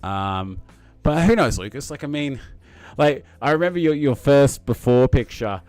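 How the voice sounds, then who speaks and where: A man's voice: mid-range voice, expressive, moderate pace, a little mellow, no echo, soft background music. Rambling, matey man chatting on a live stream. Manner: rambling, frequent fillers and restarts, matey. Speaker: livestream host reading chat. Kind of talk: casual live-stream chat.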